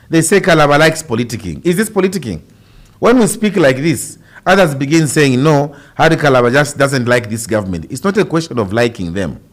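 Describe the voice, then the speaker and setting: A Zambian man, a politician, answering radio interview questions in an impassioned, emphatic way with rhetorical questions. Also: medium pitch. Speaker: politician guest.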